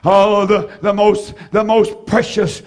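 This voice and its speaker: High-voiced preacher with dramatic swings. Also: male voice, level tone, slow pace. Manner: rhythmic repetition, dramatic swings between shouts and hushed lines. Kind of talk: sermon.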